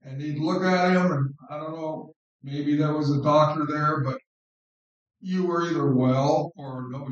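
A man preaching an informal sermon on scripture in an unhurried, conversational way, repeating words for stress. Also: fairly high pitch. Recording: very echoey room, distant mic.

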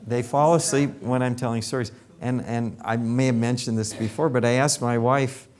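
An older man who works as a dentist casually tells anecdotes about his patients, acting out what people said. He speaks in a mid-range voice at a moderate pace with hardly any pauses.

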